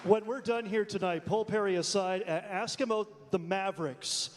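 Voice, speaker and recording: A man's voice: sits high, moderate pace, a little hiss or hum. A man hosting a stage event, putting friendly questions to a guest. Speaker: event host. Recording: reverberant hall.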